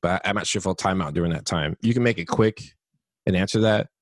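A man's voice: low voice, fast talker, no echo. A man hosting a podcast, asking rambling questions with hesitant restarts and reading out listener questions. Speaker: podcast host. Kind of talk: moderating a podcast discussion.

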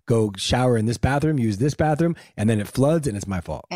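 A man's voice: mid-range voice, expressive, a little fast, mellow, no room sound. A man co-hosting a show, chatting casually with wry, dry remarks. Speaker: show co-host. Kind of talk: casual chat.

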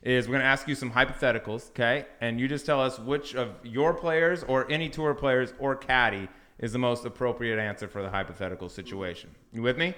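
Fast-talking male podcast host. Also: medium pitch, fairly bright tone. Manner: quick, joking banter. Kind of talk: casual chat.

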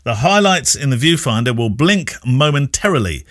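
A man's voice: medium pitch, sing-song, normal speed, fairly bright tone, no room sound. Podcast host guy, teasing and laughing a lot, bouncy voice, dry close sound. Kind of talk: casual chat and reading listener mail.

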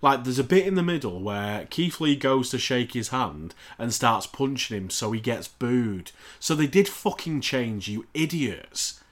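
A man talks fast and loose on a casual podcast, swearing constantly and sounding exasperated and sarcastic. His voice sits in an ordinary middle pitch. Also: expressive. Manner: heavily profane, exasperated, sarcastic ranting. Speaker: podcast co-host.

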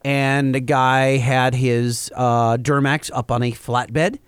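A man's voice: medium pitch, little pitch movement, slow pace, clear, resonant tone, no echo, clean studio sound. A man cohosting a podcast, rambling through a story and arguing his point casually. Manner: rambling, argumentative. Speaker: podcast co-host. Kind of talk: casual chat.

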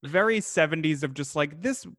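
A man co-hosting a casual podcast about an old film, rambling and animated, laughing as he talks. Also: on the high side, normal speed, slight background noise. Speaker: podcast co-host.

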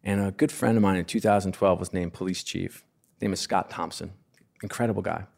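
A middle-aged man on a podcast, telling stories in an earnest, animated way and acting out the dialogue. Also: low voice, a little fast, creaky. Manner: earnest, animated storyteller who acts out quoted dialogue. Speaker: podcast guest. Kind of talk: casual conversational storytelling.

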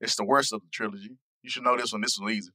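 A man's voice: lowish voice, steady tone, very fast, bright, forceful tone, no room sound. A middle-aged man hosting a casual podcast, quizzing friends on movie quotes and laughing often. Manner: reads quotes aloud, laughs often, says "bro". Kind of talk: casual chat.

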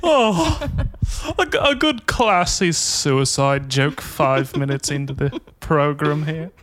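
A man's voice: a little high, expressive, measured pace, a bit bright, slight background noise. A man hosting a podcast, trading sarcastic, crude jokes in casual banter. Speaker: podcast host.

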